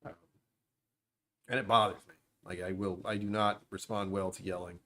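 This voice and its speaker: A man's voice: sits low, fairly even intonation, normal speed, fairly bright tone. A man hosting a casual livestream from home, rambling and sarcastic with self-deprecating asides. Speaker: livestream host. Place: at home, dishwasher running nearby.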